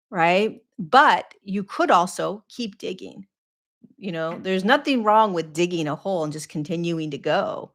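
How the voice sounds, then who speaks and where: Woman host, spiritual teacher, low-pitched and gravelly, earnest coaching delivery with repetitions. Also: moderate pace. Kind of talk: live Q&A talk.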